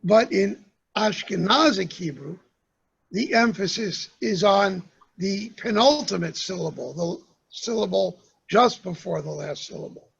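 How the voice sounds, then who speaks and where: A man lecturing to a congregation, speaking slowly and pausing often, with "um"s between his points. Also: high voice, vocal fry, fairly bright tone, breathy edge, highs cut off. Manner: slow, measured delivery with pauses and fillers. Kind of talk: talk to a congregation.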